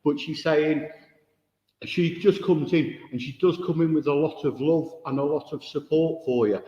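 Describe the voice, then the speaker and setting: A man speaks as a spiritualist medium, chatty and direct as he singles out people in the audience. His voice sits a little high and rings through a village hall with a long echo. Recorded without a microphone, the sound is dull and distant. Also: normal speed, warm tone. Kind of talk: mediumship demonstration. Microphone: no microphone, room recording.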